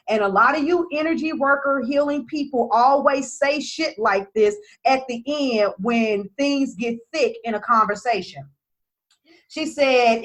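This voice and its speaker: A woman's voice: high voice, fairly bright tone. A woman business coach talking casually to her followers, blunt and emphatic, swearing freely.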